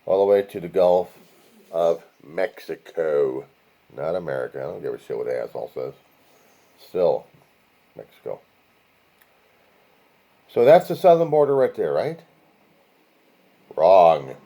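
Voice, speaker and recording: A man leads his viewers across a map in an unhurried, loose way, calling them guys and tossing in profane asides. His voice is dark and mellow, and he rolls through long lists of places in a sing-song chant. The pace stays slow and drawn out. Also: deep voice, sing-song. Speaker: video host. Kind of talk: casual commentary walking viewers through a map.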